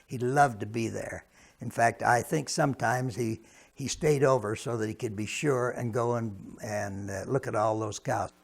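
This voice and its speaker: A man's voice: mid-range voice, steady tone, moderate pace, vocal fry, husky. A man recalling his grandfather in an amused, folksy way. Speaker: grandson, former dairy farmer. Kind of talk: oral history reminiscence.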